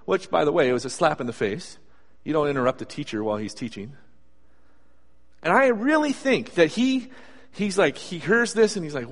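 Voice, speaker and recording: A man with a fairly high voice delivers a sermon, chatting with his listeners and acting out little scenes along the way. His voice rings with a long reverb, like a big hall. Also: normal speed. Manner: conversational, animated storytelling with acted asides. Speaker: preacher.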